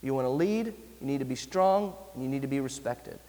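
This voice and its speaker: A man preaching a sermon as pastor, earnest, slowing down to stress key phrases. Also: medium pitch, lively intonation, dark tone, long reverb tail.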